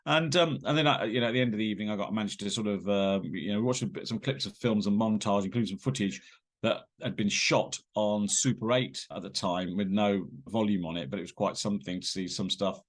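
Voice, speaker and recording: A man tells stories as a guest on an interview podcast. He talks quickly, rambling along with plenty of fillers and restarts. His delivery is animated, with sudden jumps in pitch when he acts out a scene. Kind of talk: casual anecdote telling.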